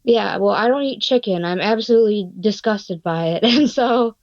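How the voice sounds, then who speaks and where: A woman guest on a podcast, telling a story in a casual, animated way and swearing freely. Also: medium pitch, moderate pace, no room sound. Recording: dull lo-fi dry sound.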